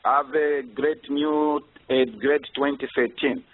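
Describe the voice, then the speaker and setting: A man's voice: fairly high pitch, little pitch movement, slow pace. A Zambian man with a slight Texas tinge, hosting a casual radio talk show, courteous and formal, often saying "sir". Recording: tinny phone-like line.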